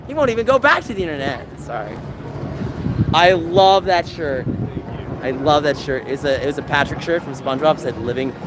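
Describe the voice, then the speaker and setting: A man livestreaming from outdoors, talking to chat in an animated, mocking, sarcastic way. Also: a little high, normal speed. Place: outdoors in a busy public area. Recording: outdoor street noise with passing vehicles.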